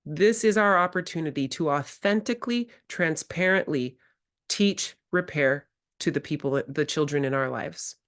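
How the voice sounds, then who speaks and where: Speaking to educators in a teaching workshop, a woman talks reflectively and candidly, acting out her own quoted words. Her voice is low and her pace moderate.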